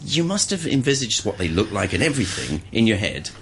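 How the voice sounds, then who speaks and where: A man hosts a morning radio chat in a low, animated voice, cracking jokes and laughing easily. His delivery rises and falls a lot as he banters with his guest. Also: fairly quick, a little hiss or hum. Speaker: radio host.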